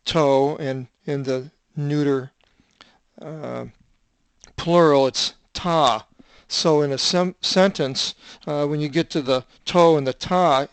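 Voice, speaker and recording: An older man with a smooth yet gravelly voice teaches biblical Greek at a slow, halting pace. He fills his pauses with "uh" as he reads and spells out Greek words. The sound is dry and close. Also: a little high, no echo. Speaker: Bible translator teaching Greek.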